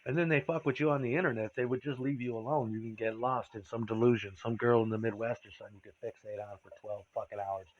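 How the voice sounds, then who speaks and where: A man's voice: mid-range voice, steady tone, fast, few pauses. Profane rambling man, lo-fi recording. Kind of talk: candid personal monologue.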